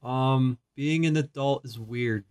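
A man's voice: mid-range voice, slow, darkish tone. A young man co-hosting a casual college podcast, easygoing and joking with playful asides. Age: young adult. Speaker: podcast co-host. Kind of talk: casual chat. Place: college campus.

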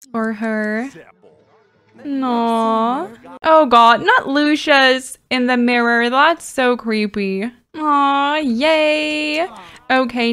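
A woman hosting a gaming video, reacting to the game in excitable, giggly casual commentary. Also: high-pitched, clean tone. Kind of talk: casual let's-play commentary.

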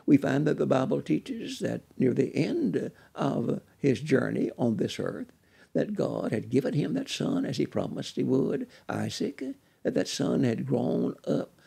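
A man's voice: a little high, vocal fry, dark tone, breathy edge. A man preaching a sermon, quoting scripture and building with dramatic rises in his delivery.

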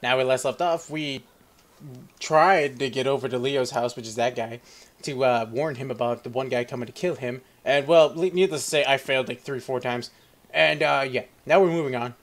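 A man's voice: medium pitch, moderate pace. A young man casually commenting on a video game as let's play host, rambling and often laughing.

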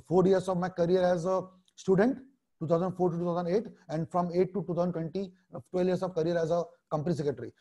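A man's voice: sits high, mellow. A man in his thirties with an Indian English accent, teaching an online exam-prep lecture in a blunt, repetitive way and mixing in Hindi phrases.

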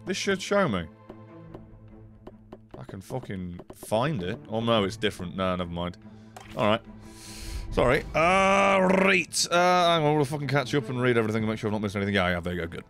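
An excitable man talks through a video game in casual stream commentary, his voice bouncing between low grumbles and high yelps. He swears freely and reacts loudly to every surprise. Faint music plays softly behind him. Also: a little fast.

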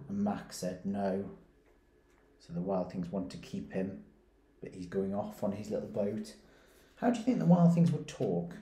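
A man, a primary school teacher reading a picture book aloud and stopping to ask his pupils gentle questions. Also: on the low side. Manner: gentle, questioning, reads slowly and pauses to ask. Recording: roomy echoey recording.

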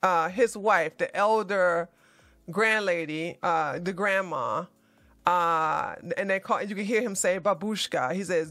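A woman hosting a political commentary show, talking over a video in an animated, emphatic way. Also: on the low side, a little slow, no echo, faint music behind. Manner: animated, emphatic, profane outbursts.

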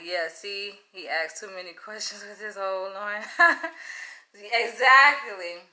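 A woman vlogger telling a story to camera in a casual, blunt, animated way, swearing freely. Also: mid-range voice, takes it slowly. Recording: echoey room.

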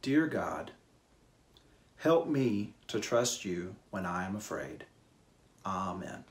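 A man leading a church service, announcing a hymn and reading a children's Bible story in a slow, gentle storytelling manner. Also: low-pitched, big pitch swings.

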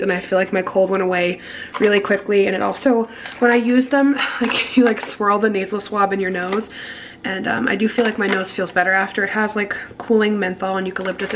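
A woman talks to her camera at home while fighting a cold. Her voice sounds stuffed-up and congested, and she rambles in a loose, casual way, dropping "like" between thoughts. She speaks in a medium pitch. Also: fairly bright tone, a little hiss or hum. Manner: rambling, full of "like" fillers. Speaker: vlogger. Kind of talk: casual vlog chat.

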